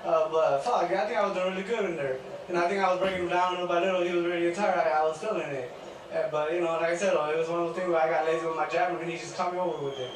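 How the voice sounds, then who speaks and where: A man gives a quick, frustrated post-fight interview, swearing bluntly about his fight. He sounds high-pitched and distant from the mic, heard in a booming arena with noise behind him. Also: fairly even intonation, very echoey.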